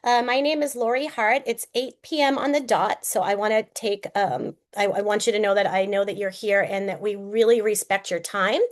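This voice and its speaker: A woman's voice: medium pitch, fairly even intonation, normal speed, few pauses. A middle-aged woman with a slight cold hosting a group call, chatty and speaking straight to her listeners. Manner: chatty, addresses the audience directly. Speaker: host of a recruiting call. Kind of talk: upbeat presentation on a group call.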